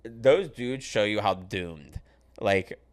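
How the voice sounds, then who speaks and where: A man with a lowish voice, easygoing and loose. He chats casually on a podcast, swearing freely and laughing at his own anecdotes. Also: expressive, takes it slowly. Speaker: podcast host. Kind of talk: casual chat.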